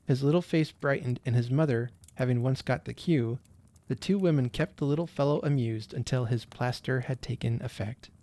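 A man narrating a classic holiday story in a gentle, expressive storytelling manner. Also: mid-range voice.

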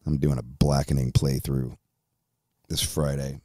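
A man's voice: rumbling low, level tone, a little slow, dark tone, husky, no echo. A man hosting a podcast, ranting in an angry, profane way, recorded on a close studio mic. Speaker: host.

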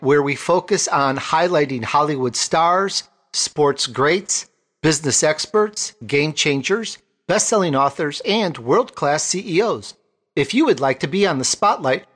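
A man's voice: a little high, a bit bright. A man hosting a talk show, introducing guests with enthusiasm. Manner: enthusiastic, exclaiming. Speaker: host. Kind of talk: upbeat podcast hosting.

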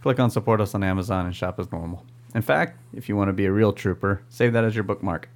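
A man co-hosting a podcast, giving brisk plugs in casual chat. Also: fairly low pitch. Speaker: podcast co-host.

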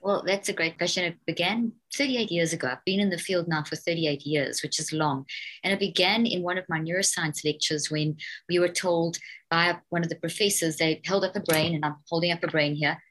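A woman's voice: fairly low pitch, fairly quick, a bit bright, poor audio. A woman in her sixties with a South African accent, a neuroscientist guest telling her story in an interview. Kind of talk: interview conversation.

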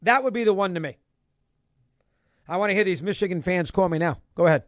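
A male sports radio host giving an emphatic, excitable opinion monologue and hammering his points through repetition. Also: high-pitched, brisk, no echo.

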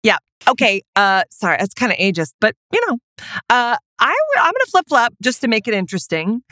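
Woman, podcast co-host, bright forceful voice, giggly, bubbly, dry close mic. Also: sing-song, brisk, no room sound. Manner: bubbly, giggly, high-pitched exclamations. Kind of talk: casual chat.

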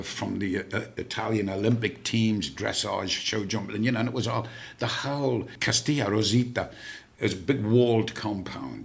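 A man as a podcast guest, telling family stories in an animated way and laughing at his own tales. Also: fairly low pitch, creaky.

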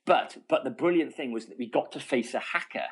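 A middle-aged man spins an animated story as a guest in a relaxed interview. He laughs often and keeps restarting his sentences as the story runs on. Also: medium pitch, a little fast, slightly rough. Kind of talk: casual storytelling.

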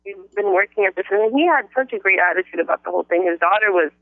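A woman on a phone line telling a personal testimony in an animated storytelling way. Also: mid-range voice, fast talker, no room sound. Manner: animated, acts out quotes in a raised voice.

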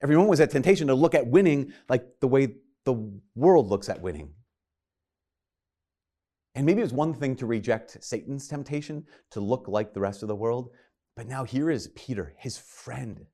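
A man delivers a sermon to people watching and praying along. He talks in an earnest, conversational way and acts out scripture dialogue as he goes. His voice sits at an ordinary middle pitch. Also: expressive, moderate pace, warm tone. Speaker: preacher.

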